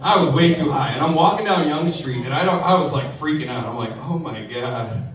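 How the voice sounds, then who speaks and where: High-voiced comedian in an echoey club. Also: male voice, quick pace. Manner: animated storytelling, acts out voices of others. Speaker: stand-up comedian. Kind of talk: stand-up comedy set. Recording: echoey club mic with crowd laughter, from far off. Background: audience laughing.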